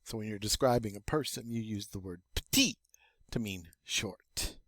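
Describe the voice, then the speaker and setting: An older man teaching a French vocabulary review, slow and patient, with wry self-deprecating asides. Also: on the low side, a bit bright, dry recording.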